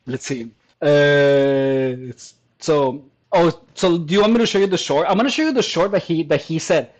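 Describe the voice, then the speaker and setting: A man's voice: on the high side, normal speed, highs cut off. Scoffing man mocking online comments. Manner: scoffing, crude, laughs often, stumbling restarts. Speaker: commentary vlogger reacting to comments.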